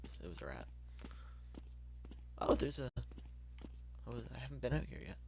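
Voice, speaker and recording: Lively joking male game streamer. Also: medium pitch, normal speed, vocal fry, a little hiss or hum. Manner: jokey, exclaiming, talking to himself. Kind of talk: casual gameplay commentary.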